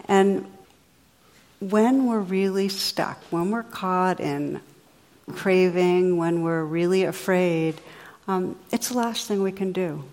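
A woman meditation teacher giving a dharma talk to a class, gentle, unhurried and reflective. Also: on the low side. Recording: long hall reverb.

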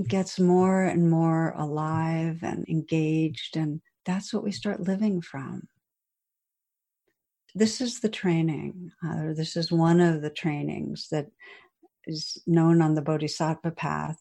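A woman with a low, mellow voice leads a dharma talk. She tells a teaching story gently and reflectively, with soft pauses between her phrases. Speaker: meditation teacher.

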